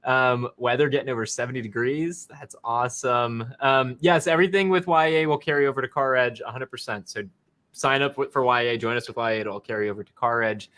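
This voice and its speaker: An upbeat man co-hosting a casual live stream. His voice sits at an ordinary middle pitch. He reads out viewer messages in an easy, chatty way. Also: fairly even intonation, a little fast, fairly bright tone. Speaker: co-host.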